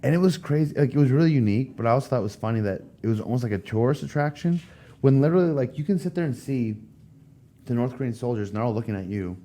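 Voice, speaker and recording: A man from the United States tells a story at a quick clip, his voice warm and mellow. He jumps into the voices of the people he quotes and fills the telling with casual fillers. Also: medium pitch. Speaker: podcast guest.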